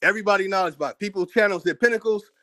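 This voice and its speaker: A man's voice: high-pitched, rapid-fire, a bit bright. An American man hosting his own channel, delivering a heated, profane commentary rant, combative and repeating words as he gets worked up. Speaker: channel host.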